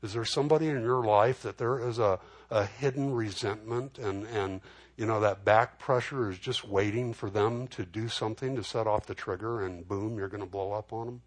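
A man's voice: lowish voice, normal speed. A man preaching a sermon in a conversational way, often restarting and repeating words. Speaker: pastor.

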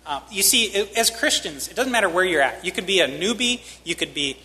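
A man preaches a sermon in a church hall. He is candid and self-deprecating and presses key lines with rising emphasis. His voice is somewhat high and bright, and it rings with a long hall reverb. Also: lively intonation, fairly quick.

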